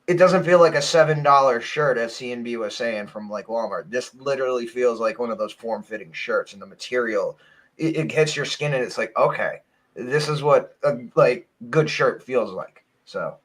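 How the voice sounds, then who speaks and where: A man's voice: mid-range voice, moderate pace. A man co-hosting a casual livestream, giving upbeat plugs for merchandise and giveaways. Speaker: co-host.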